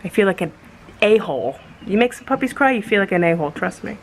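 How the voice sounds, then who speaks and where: A young American woman vlogging casually about rescue puppies, chatty, sometimes breaking into high baby talk for the dogs. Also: expressive, quick pace, slight background noise. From United States. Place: animal shelter, outdoors.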